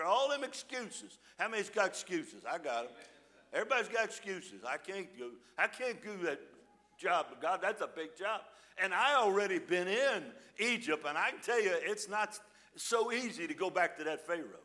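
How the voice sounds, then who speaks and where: High, bright-voiced preacher. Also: male voice, expressive. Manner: folksy preaching, reading scripture aloud with dramatic pauses. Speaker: pastor. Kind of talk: sermon.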